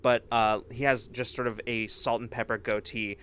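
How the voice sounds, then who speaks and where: A man's voice: mid-range voice, little pitch movement, normal speed, a bit bright, a little hiss or hum. A man narrating as game master of a tabletop game, rambling with many fillers and restarts.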